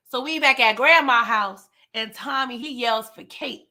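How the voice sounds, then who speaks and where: A woman's voice: fairly high pitch, unhurried, hardly any pauses. A woman hosting a casual live episode recap, talking to her chat and acting out characters' lines. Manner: animated, talks to chat, acts out characters' lines. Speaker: TV show recap host.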